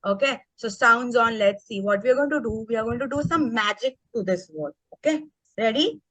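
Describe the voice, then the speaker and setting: A woman's voice: a little high, brisk, fairly bright tone, dry recording, low-quality recording. A woman leading an online teacher workshop. She speaks with energy and keeps checking in with the group by asking "okay?". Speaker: teacher trainer. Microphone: video call.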